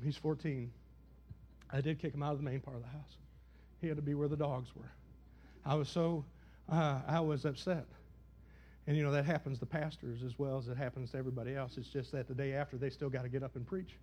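A middle-aged male pastor preaching a sermon, questioning the congregation and swinging between high loud exclamations and low quiet asides. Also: steady tone, brisk.

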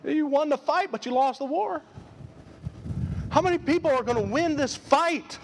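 A man's voice: very high-pitched, moderate pace, a little hiss or hum. A man preaching a live sermon as pastor, emphatic and full of repeated rhetorical questions. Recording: long reverb of a large hall.

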